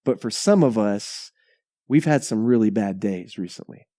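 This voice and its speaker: A male pastor preaching a sermon in a conversational, animated way, often checking in with "right?" and repeating words. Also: fairly low pitch, moderate pace, no room sound, studio quality.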